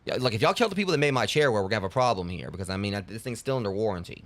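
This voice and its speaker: Rambling, joking male streamer with a lowish voice. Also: lively intonation, racing. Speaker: live streamer. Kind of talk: casual live-stream chat.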